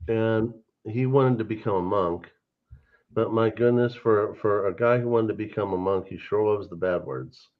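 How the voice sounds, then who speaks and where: A man from Serbia, joining a livestream chat as a guest and telling stories in an animated way. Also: on the low side, normal speed. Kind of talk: casual chat. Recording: dull lo-fi call over hotel internet.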